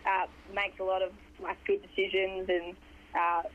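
A young Australian woman with a hoarse voice, a footballer chatting in a rambling way with lots of fillers during a phone interview. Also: mid-range voice, level tone, moderate pace, slight background noise. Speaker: footballer guest. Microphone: phone line. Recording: dull phone line.

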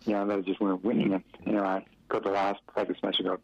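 A middle-aged man from Western Australia rambles through stories of his football career in a relaxed interview, full of fillers and chuckles. His voice is low and level, and he talks fast. The recording is dry, with no echo, and has the dull sound of lo-fi radio.

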